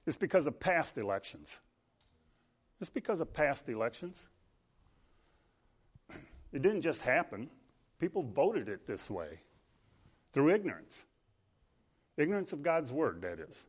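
A man's voice: medium pitch, sing-song, moderate pace, pauses often. A man preaching a sermon at a live-streamed church service, earnest, rising in emphasis on key phrases and often restarting or repeating words. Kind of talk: sermon with opening prayer.

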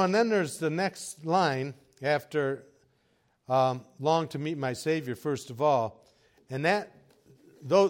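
A man preaching a sermon as pastor, telling folksy stories with chuckles and moving from quiet asides to raised exhortation. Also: fairly high pitch.

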